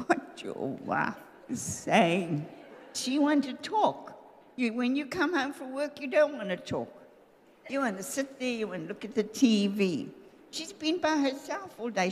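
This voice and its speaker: A woman's voice: fairly high pitch, in a large hall, slight background noise. An older woman preaching a sermon with humor, acting out the voices of husbands and wives as she talks about marriage. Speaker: pastor's wife preaching. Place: church hall.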